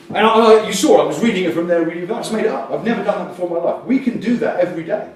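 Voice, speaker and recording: A man giving a lively, jokey presentation at a coaching conference, often acting out voices. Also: high-pitched, very fast, hardly any pauses. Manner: animated, jokey, acts out voices. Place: large hall. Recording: echoey hall, mic far off.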